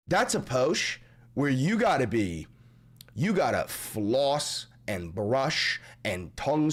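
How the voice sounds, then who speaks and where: Animated, swearing young man streaming. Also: lowish voice. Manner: animated, rambling, swears a lot, swings from mumbling to yelling. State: voice deepened after a sickness. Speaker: live streamer. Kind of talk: casual, profane stream chat.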